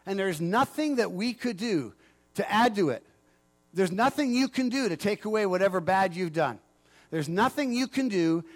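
A man pastor preaching a sermon in a conversational way, joking with the congregation. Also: high-pitched.

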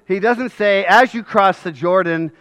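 High-voiced man preaching animatedly. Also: a little slow, dry recording. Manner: animated, acts out God's voice with rising shouts. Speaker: pastor. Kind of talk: sermon.

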